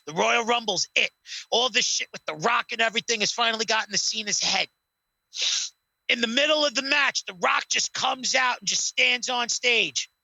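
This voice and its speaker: Male podcast co-host at home, rambling and profane; gravelly with a dry, close sound. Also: very high-pitched, pushed and bright, no echo, low-quality recording. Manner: rambling, swears a lot, acts out scenes. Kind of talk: casual chat.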